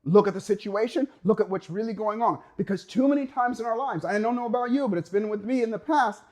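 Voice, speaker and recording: A man giving a motivational talk, energetic and emphatic, acting out the voice of a worried mind and stretching key words for effect. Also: high voice. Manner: energetic, acts out inner voices, drawn-out emphasis. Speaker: motivational speaker.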